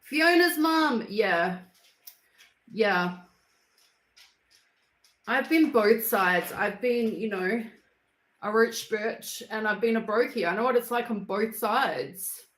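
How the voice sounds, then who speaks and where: Speaking slowly with long pauses, a Queensland livestream host bluntly works through viewer comments in casual chat from home. Her mid-range voice has a fairly bright tone, and the rough recording comes from an echoey indoor room.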